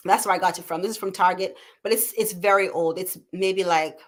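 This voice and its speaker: A woman's voice: lowish voice, fairly even intonation, brisk. A woman in her thirties hosts a live stream from home. She talks in a casual, chatty way, answers viewer comments one by one, and often adds "you know" and "right?". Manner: chatty, warm-hearted, reads viewer comments aloud. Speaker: talk show host.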